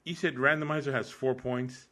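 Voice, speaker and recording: A man's voice: medium pitch, steady tone, normal speed, pushed and bright. A man hosting a casual podcast chat, laid-back and rambling, with lots of fillers and restarts. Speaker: podcast host.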